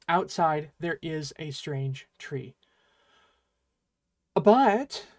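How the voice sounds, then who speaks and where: A teacher giving an online Japanese lesson, explaining patiently and playfully, with dramatic emphasis on the example sentences. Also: mid-range voice.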